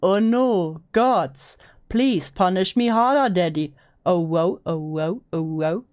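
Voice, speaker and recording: A woman voicing a simpering, childish uwu girl with exaggerated cutesy baby talk and drawn-out whimpers, as a mocking dramatic reading. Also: on the low side, animated, a little mellow, voice pushed down. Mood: whimpering. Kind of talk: mock dramatic reading of comments.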